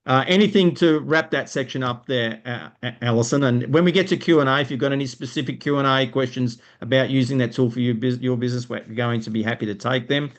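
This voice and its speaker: A man with an Australian accent teaching business owners in a live stream, energetic and explanatory, often checking in with "right?". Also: mid-range voice, quick pace, few pauses.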